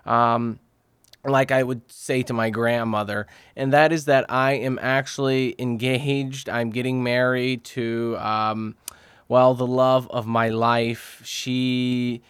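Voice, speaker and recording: A man's voice: mid-range voice, level tone, slow, a bit bright, clear, resonant tone, no echo. A man hosting a comedy podcast alone, telling a rambling, profane story in a crude and exaggerated way. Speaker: podcast host.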